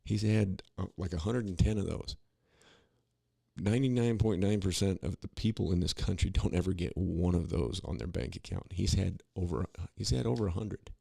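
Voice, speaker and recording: A man's voice: sits low, normal speed, creaky, mellow, breathy edge, no room sound, studio quality. A man co-hosting a podcast, talking in a rambling, opinionated way with many restarts and asides. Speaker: podcast co-host. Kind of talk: casual political commentary.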